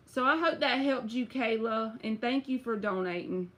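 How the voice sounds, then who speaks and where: A woman's voice: on the high side, measured pace, hardly any pauses, fairly bright tone. A woman giving a casual, chatty tarot reading on a live stream. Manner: casual, chatty, uses y'all and bruh. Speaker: tarot reader.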